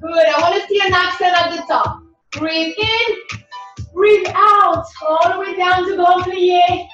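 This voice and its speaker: A woman leading a dance class warm-up, giving calm, encouraging cues that sometimes turn sing-song. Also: very high voice, measured pace. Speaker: dance instructor. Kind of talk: guided warm-up class instruction. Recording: far-off echoey room, dull sound, music behind.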